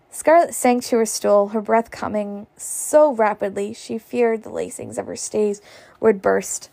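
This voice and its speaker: Gravelly woman reading a novel aloud. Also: mid-range voice, measured pace, dark tone. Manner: stumbles and laughs at slips. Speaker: reader. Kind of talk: casual audiobook reading.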